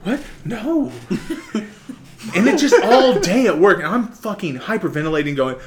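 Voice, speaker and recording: A man's voice: high voice, normal speed, crowd noise. A man on a casual podcast telling a story, swearing freely and acting out the people he quotes. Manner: animated, swearing, acts out quoted voices. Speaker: podcast co-host.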